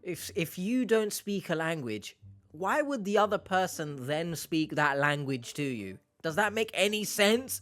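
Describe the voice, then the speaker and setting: A man's voice: fairly high pitch, lively intonation, a little slow, fairly bright tone. A man giving casual, sarcastic reaction commentary with joking asides. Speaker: reaction video host.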